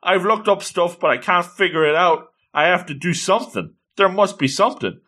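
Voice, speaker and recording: A man's voice: sits high, brisk, sharp tone, voice pushed up. A man voicing an upset teenage girl lacrosse player, with whiny, flustered pleading.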